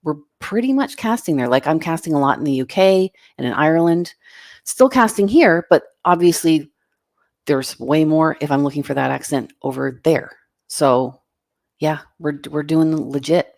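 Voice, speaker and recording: Middle-aged woman, casting director type, low gravelly voice, blunt and emphatic, dry close sound. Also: animated, normal speed, a little mellow, no echo. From Canada. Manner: frank, emphatic, plain-spoken advice. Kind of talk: casual interview answers.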